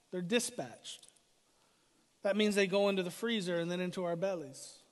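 A middle-aged man preaching a sermon as pastor, dramatic, swinging from loud declarations to hushed lines. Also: high-pitched. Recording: hall reverb.

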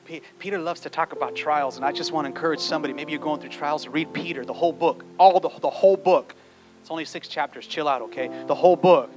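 A pastor, preaching a playful, animated sermon and urging his congregation to respond. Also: a little high, quick pace, over music. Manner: animated, playful, acts out quotes, urges the congregation. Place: church.

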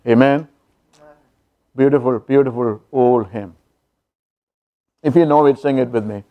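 Slow-speaking preacher telling a story. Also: male voice, mid-range voice, a little mellow, clean tone. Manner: storytelling preacher with call-outs to the congregation. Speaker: pastor. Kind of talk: sermon.

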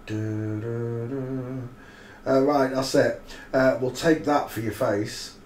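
A man's voice: medium pitch, fairly even intonation, takes it slowly, a little mellow. A man hosting a live stream, giving rambling, mocking commentary full of crude asides. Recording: roomy echo, faint noise.

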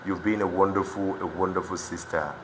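A man's voice: sits low, fairly even intonation, brisk. A young Nigerian man speaking Pidgin English, impassioned and emotional as he talks straight to the camera in a protest vlog. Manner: impassioned, swings to shouting. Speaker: street commentator. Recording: echoey room with faint background noise.

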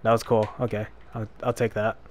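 A young man giving casual let's-play commentary, self-deprecating, with loud frustrated outbursts. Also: on the low side, level tone, fairly quick, slight background noise. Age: young adult. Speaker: gameplay commentator.

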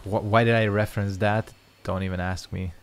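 Gravelly young man swearing through gameplay. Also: on the low side, flat delivery, a little fast. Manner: swears freely, jokes to himself. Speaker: gaming video host. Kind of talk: casual gameplay commentary.

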